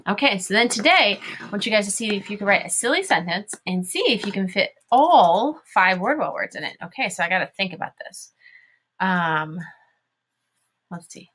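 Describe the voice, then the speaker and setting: A woman's voice: mid-range voice, very animated, normal speed, fairly bright tone, slightly rough. A woman teaching a phonics lesson to young children, spelling words out letter by letter and sounding them out in an encouraging way.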